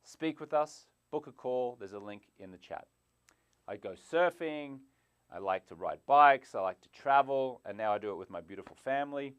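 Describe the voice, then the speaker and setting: A man hosting a live stream as a sobriety coach, animated, jumping from loud bursts to quiet asides, on a clip-on mic indoors. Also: mid-range voice, normal speed, clean tone, no room sound. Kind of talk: energetic live stream pitch. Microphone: clip-on lapel mic.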